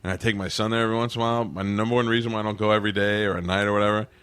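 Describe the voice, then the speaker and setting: Guest man with a lowish voice; loose, rambling, cusses bluntly and jokes at his own expense. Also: level tone, very fast, fairly bright tone, clear, resonant tone, no room sound. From Florida. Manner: rambling, self-deprecating, blunt cursing. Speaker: podcast guest. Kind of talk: casual podcast chat.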